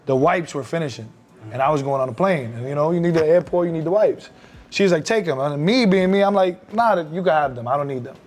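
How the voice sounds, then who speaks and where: Man, podcast guest, candid, reflective, fairly high voice, casual chat. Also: fast, a little mellow. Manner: reflective and candid, acts out quotes.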